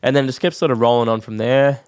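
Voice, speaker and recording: An Australian man in his thirties, a podcast guest casually telling his life story, relaxed, swearing freely and saying "like" a lot. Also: medium pitch, quick pace, clean tone, no room sound, studio quality.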